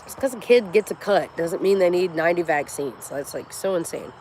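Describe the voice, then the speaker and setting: A fairly low, fairly quick female voice belongs to a livestream host in her forties. She's casual, blunt and profane, spinning animated stories against a little hiss or hum.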